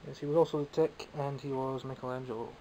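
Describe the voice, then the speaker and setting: A man's voice: mid-range voice, flat delivery, fast talker, mellow, lo-fi sound, slight background noise. A man with a Scottish accent, chatting casually and self-mockingly while showing off toys he bought. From Scotland. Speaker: toy collector vlogger. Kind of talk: casual show-and-tell vlog.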